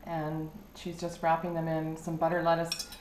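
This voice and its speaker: A woman guest explains her recipe step by step in an easygoing way. Her voice is on the low side. The kitchen is echoey, with a faint clatter of dishes. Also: monotone, moderate pace, a little mellow, slight background noise. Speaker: guest cook. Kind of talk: casual chat.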